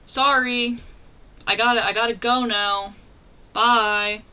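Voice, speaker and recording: A woman's voice: fairly high pitch, fairly even intonation, takes it slowly, pushed and bright, smooth, recorded from a distance. A woman imitating a flippant man who rambles excuses, brushing off a plea for help in a breezy, mock-apologetic way.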